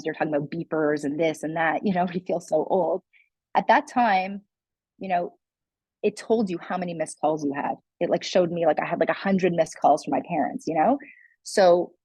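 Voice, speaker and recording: A woman's voice: lowish voice, dark tone, breathy edge, no room sound, rough recording. A young adult woman, a guest speaker, telling her personal story in a candid, earnest way with many "like" and "you know" fillers. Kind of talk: personal testimony in a conversation.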